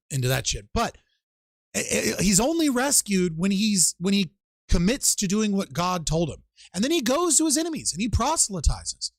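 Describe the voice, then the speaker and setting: A man hosting a casual online panel debate, retelling stories in a swearing, animated way and acting out the quotes. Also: medium pitch, dry recording. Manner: profane, animated storytelling with mock-quoted voices. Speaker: show host.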